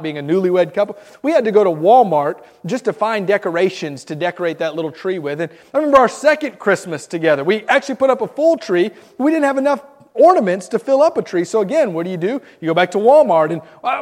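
A man's voice: sits high, big-room sound. A man in his thirties from Florida, telling Christmas memories to a group, stumbling over and repeating his words. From Miami, Florida. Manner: stammers and repeats words, animated storytelling. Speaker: speaker sharing Christmas memories. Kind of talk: storytelling talk to a group.

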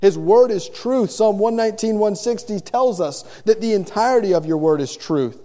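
Preaching with earnest conviction, a middle-aged man serving as pastor speaks at a normal pace in a high, mellow voice. He often doubles the first word of a phrase, and the large hall adds a long reverb.

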